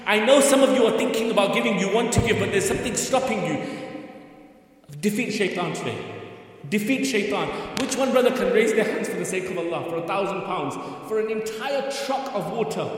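Man, high pitch, fervent charity appeal speaker, urges crowd to give; far-off mic, heavy hall echo. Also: lively intonation, brisk. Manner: pleading, urges the crowd with repeated questions. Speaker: charity fundraiser. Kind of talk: impassioned fundraising appeal. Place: large hall at a religious gathering. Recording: echoey hall, distant mic.

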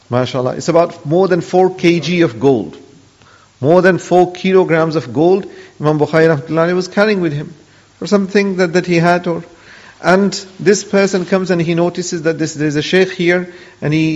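Here a man leads a religious lesson as an Islamic teacher, recounting an old tale with earnest, story-driven delivery and frequent pious honorifics. His voice is a little high and a little mellow, heard through dull lo-fi audio with long hall reverb.

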